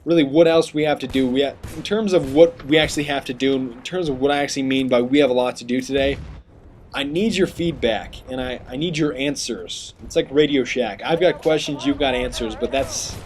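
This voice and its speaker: A man giving chatty, rambling gameplay commentary, getting sidetracked and excitable over his kills. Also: medium pitch, brisk, slight background noise. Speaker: gaming commentator.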